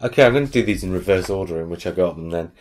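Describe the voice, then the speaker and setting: A man's voice: deep voice, animated, very fast, a little mellow. A man hosting a casual podcast, joking with co-hosts and reading out emails. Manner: jokey, reads out listener emails. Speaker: podcast host. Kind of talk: casual chat.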